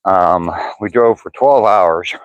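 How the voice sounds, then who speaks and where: An older man with a Southwest Ohio drawl that has an Appalachian lean, chatting in an easygoing way as he reads viewers' comments aloud. His voice sits very low, with a dry, close sound and a slightly dull, muffled tone. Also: slow, dry recording. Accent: Southwest Ohio, Appalachian-tinged. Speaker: vlogger reading live chat. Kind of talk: casual live-stream chat while walking.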